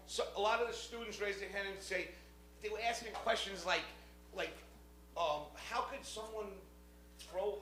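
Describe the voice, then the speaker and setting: A stand-up comedian from the Bronx with a New York accent, telling a brash, profane story on a club stage. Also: male voice, high-pitched. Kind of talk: stand-up set. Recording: echoey, noisy club recording. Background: audience laughter.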